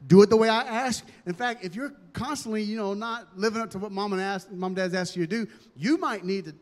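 A man preaching a sermon as pastor, animated and humorous, with dramatic emphasis. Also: high-pitched, brisk, big-room sound.

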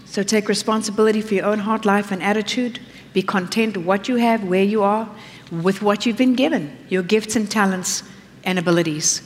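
A middle-aged woman pastor preaching a sermon, animated and acting out the voices she quotes. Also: mid-range voice, moderate pace, long reverb tail, a little hiss or hum.

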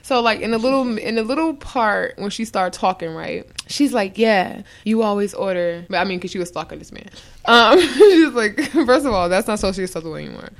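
A young adult woman hosting a podcast, telling stories in blunt, profane, animated casual chat. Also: mid-range voice, a little fast, gravelly. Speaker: podcast host.

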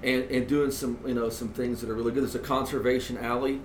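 A man, a magazine editor, talking earnestly and chattily on a podcast with halting restarts. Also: medium pitch, level tone, a little hiss or hum. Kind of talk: casual podcast chat. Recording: echoey room.

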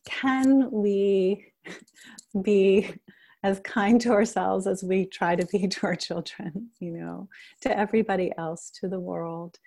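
A middle-aged woman leading a guided meditation and talk on self-compassion, speaking gently and unhurriedly. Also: medium pitch, steady tone, slow pace, vocal fry. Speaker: meditation teacher.

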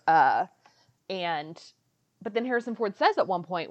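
Lower-voiced woman on muffled audio. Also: brisk. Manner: chatty, recounting at length with fillers. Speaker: podcast co-host. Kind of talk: casual chat.

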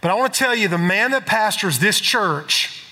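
A man's voice: high voice, lively intonation, moderate pace, sharp tone. A man, preaching as a guest speaker in a chatty, joking, emotional way. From South Carolina. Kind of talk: sermon introduction. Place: large church hall. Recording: hall echo from pulpit mic.

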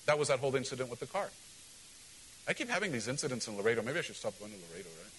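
A male pastor preaching a sermon in an animated, joking way, often asking the congregation questions. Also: mid-range voice, racing, slight background noise, rough recording.

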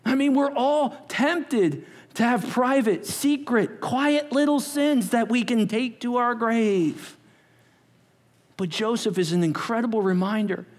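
A man preaching a sermon as pastor, animated, acting out quotes and dropping to whispers. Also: extremely high pitch, slow pace. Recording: long hall reverb.

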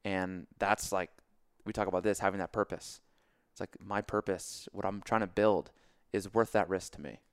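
A young man with a low, smooth voice tells a story in casual podcast chat. He talks in an animated way, swears freely and acts out his own reactions. The sound is dry and close. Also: moderate pace, few pauses, no room sound. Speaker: podcast guest.

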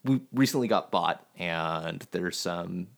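A man, a software engineer, explaining his work in a casual podcast chat, halting and restarting, then rushing ahead. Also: deep voice, expressive.

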